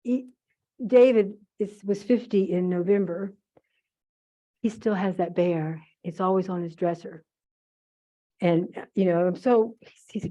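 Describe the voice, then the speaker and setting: Rambling older woman with a mellow voice. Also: medium pitch, measured pace, long pauses, muffled recording. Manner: rambling, fond, frequent asides and self-corrections. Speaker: guest speaker at a museum holiday event. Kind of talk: chatty anecdotal talk to an audience.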